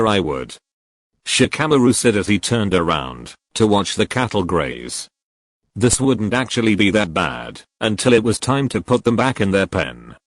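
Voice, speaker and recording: A man's voice: on the low side, no echo. A man reading a fan story aloud as narrator. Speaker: fanfiction reader.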